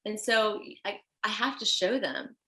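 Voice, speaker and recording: A woman with a Haitian accent, a fashion designer guest telling stories in an animated, chatty way. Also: mid-range voice, unhurried. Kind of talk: casual chat. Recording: roomy echo.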